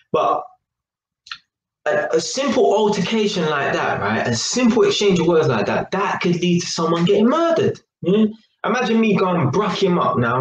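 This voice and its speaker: A young man with a London accent, telling a street story to camera in casual, slangy chat full of "innit" and "yeah". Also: on the high side. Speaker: vlogger. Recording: echoey room with faint noise.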